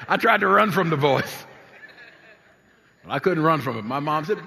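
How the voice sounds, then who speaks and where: A man's voice: on the high side, animated, moderate pace, creaky, pushed and bright, big-room sound. A man in his sixties from New Jersey, a pastor preaching and telling a story from his youth with lots of repetition and laughter. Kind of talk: sermon with personal storytelling.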